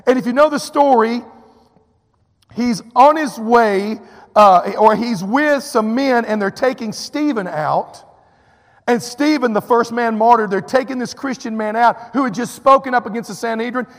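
High-voiced storytelling preacher from Texas. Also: male voice, normal speed, big-room sound. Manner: animated, acts out quotes, drawling fillers. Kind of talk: storytelling sermon.

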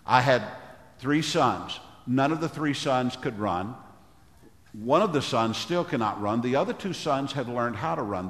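An older man preaching a sermon as pastor, with a big, loud voice, often clearing his throat. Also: fairly low pitch, roomy sound, long reverb tail.

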